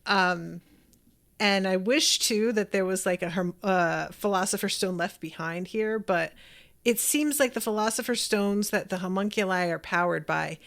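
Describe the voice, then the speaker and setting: A woman's voice: medium pitch, normal speed, gravelly, a bit bright. A woman hosting a podcast, chatting enthusiastically as she reacts to an episode and reads out listener comments. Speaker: podcast host.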